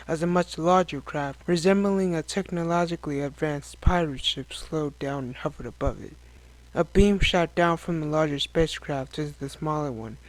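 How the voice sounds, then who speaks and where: A man's voice: fairly high pitch, rough recording. Man narrating a sci-fi story. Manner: steady, descriptive reading.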